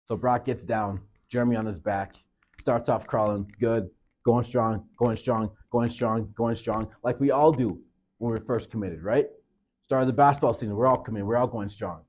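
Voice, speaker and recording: A man's voice: fairly low pitch, normal speed. Man giving a motivational team speech. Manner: builds to loud shouted coaching; retells film scene acting out coach. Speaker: motivational speaker.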